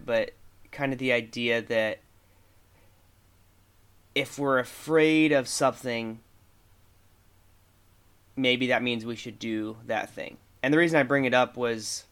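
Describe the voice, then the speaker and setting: A man's voice: mid-range voice, a bit bright. Man hedging his words on a podcast. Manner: tentative, hedging with many fillers. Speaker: podcast co-host. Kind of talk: reflective podcast discussion.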